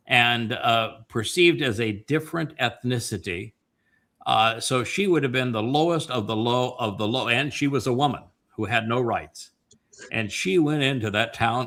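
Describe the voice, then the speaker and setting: A man hosting a family Bible-study talk show, retelling scripture in an impassioned way, with many pauses and fillers. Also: medium pitch, pushed and bright. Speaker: host.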